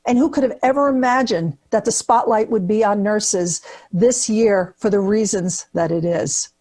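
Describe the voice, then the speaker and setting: A woman's voice: medium pitch, normal speed, darkish tone. A woman from New Jersey, a nurse, giving a prepared speech at an awards event with punchy comic asides, recorded on a webcam. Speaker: keynote speaker at nursing awards.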